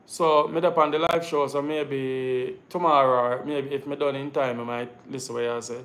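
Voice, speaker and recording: A man's voice: medium pitch, moderate pace, hardly any pauses. A Jamaican man hosting a live stream, chatting casually in patois and telling stories to his viewers. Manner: animated storytelling in patois, addresses viewers as guys. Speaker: live show host.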